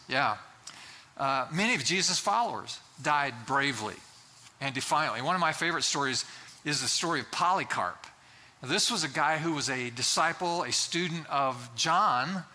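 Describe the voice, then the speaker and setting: A man's voice: mid-range voice, bright, forceful tone. A man preaching a sermon in a conversational way, with fillers and restarts. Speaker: pastor.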